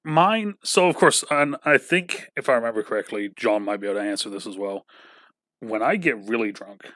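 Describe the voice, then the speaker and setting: A man from England hosts a podcast in easy, rambling chat, full of fillers and casual cursing. His voice is bright and forward. The sound is close and dry, with no room around it. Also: medium pitch, lively intonation, brisk, no room sound. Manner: rambling, lots of filler and swearing. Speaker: podcast host.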